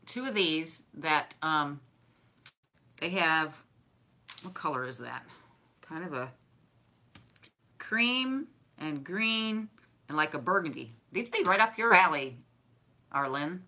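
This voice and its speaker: A woman's voice: low voice, expressive, slow, long pauses, pushed and bright. A woman, chatting casually and effusively to her viewers while unboxing gifts they sent her. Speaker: craft and decor vlogger.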